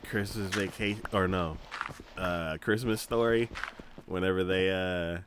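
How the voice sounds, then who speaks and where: A man hosts a gaming stream, chatting casually and laughing often while retelling scenes in animated voices. His voice is low-pitched and a little slow, and a faint hiss or hum is present.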